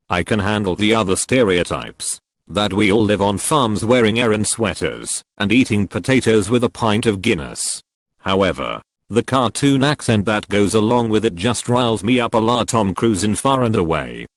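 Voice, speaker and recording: A man reads online posts aloud in a fairly low voice. His pitch rises and falls a lot as he moves from one post to the next. The sound is close and dry, with no room around it. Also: expressive, moderate pace, no room sound. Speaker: narrator of forum posts. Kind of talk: scripted narration of online posts.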